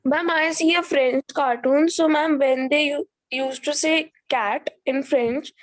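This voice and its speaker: A woman's voice: sits high, fairly even intonation, measured pace, no room sound. A female student politely asking her teacher a question in class. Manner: polite, addresses teacher as ma'am.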